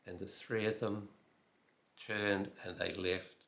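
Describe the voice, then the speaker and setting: An older man in his eighties, raised in New Zealand but with an Australian accent, recounting an old story at an easy pace with fillers and dry asides. His voice is a little low and strikingly bright. The recording has a noticeably echoey room sound. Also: flat delivery, slow pace, creaky. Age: 80s. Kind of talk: relaxed personal anecdote.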